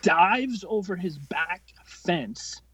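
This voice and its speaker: With a high, animated, somewhat bright voice, a man in his late twenties guests on a podcast and spins a long, expletive-filled story. He rambles, restarts, and keeps a quick-tempered, casual storytelling style.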